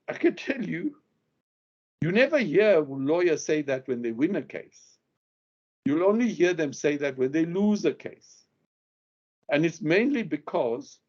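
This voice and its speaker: A man's voice: on the high side, big pitch swings, measured pace, dull audio. Emphatic man lecturing on courtroom questions. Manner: emphatic, acts out example questions with stressed words. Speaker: legal skills instructor.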